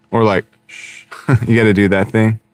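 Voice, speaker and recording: A man's voice: on the low side, a little mellow. A man hosting a casual live stream from his car, rambling and joking with viewers, often breaking into laughter, on a wireless clip-on mic. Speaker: livestream host chatting with viewers. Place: inside a car. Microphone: wireless clip-on microphone.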